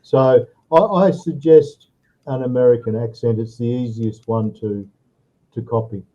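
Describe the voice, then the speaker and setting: A man tutors English in an online lesson, his medium-pitched, warm voice moving a little slowly through a muffled video-call recording. He's patient, adding "okay?" and "all right?" after each point he explains.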